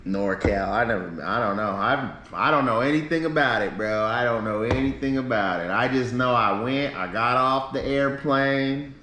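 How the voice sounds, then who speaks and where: A man's voice: mid-range voice, normal speed, hardly any pauses, bright, forceful tone, slight background noise. A man streaming live, telling a long rambling story in casual talk full of swearing. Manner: rambling, profane, acts out quoted people. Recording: roomy echo.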